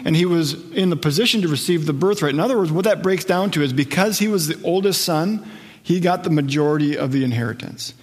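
A man's voice: on the high side, in a large hall. A middle-aged man preaching a sermon, telling stories in a conversational way and acting out quotes. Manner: conversational storytelling with acted quotes. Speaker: pastor.

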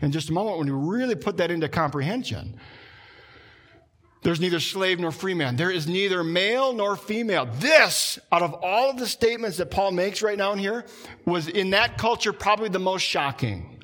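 A man preaching a sermon in a conversational way, slowing down and dropping his voice for emphasis. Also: lively intonation, fairly bright tone. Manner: conversational preaching, slows down and drops low for emphasis. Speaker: pastor.

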